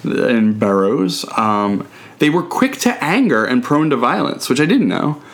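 A man's voice: mid-range voice, very animated, measured pace. Laid-back man co-hosting a podcast. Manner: laid-back, joking, frequent fillers. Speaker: podcast co-host. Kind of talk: casual chat, reading facts aloud.

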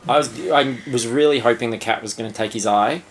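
A man's voice: mid-range voice, fairly quick, slight background noise. A man co-hosting a casual film chat, swearing freely and using lots of fillers. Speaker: podcast co-host.

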